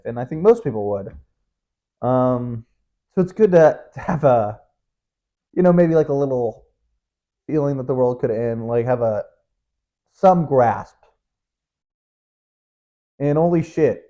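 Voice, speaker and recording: A man's voice: mid-range voice, dark tone. A young man hosting his own show, rambling through a casual monologue full of swearing, restarts and chuckles. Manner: rambling, profane, self-interrupting, laughs often. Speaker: podcast host. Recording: dull lo-fi recording.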